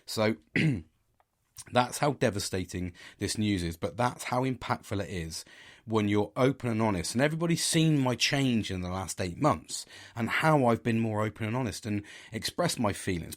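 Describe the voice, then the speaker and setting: A man's voice: on the low side, expressive, normal speed. A middle-aged man, talking candidly about his week in a rambling, sweary monologue full of restarts. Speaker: podcast host.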